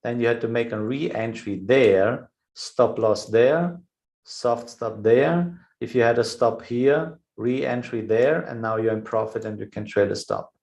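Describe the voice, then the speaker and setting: A man's voice: medium pitch, unhurried, creaky, a little mellow, poor audio. A man hosting a live trading webinar, thinking aloud over charts with frequent "yeah" fillers. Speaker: trading show host.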